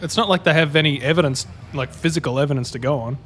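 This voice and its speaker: A man's voice: on the high side, fast, fairly bright tone, slight background noise. A man co-hosting a podcast in casual chat, easygoing and agreeable. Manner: easygoing, agreeable, short replies. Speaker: podcast co-host.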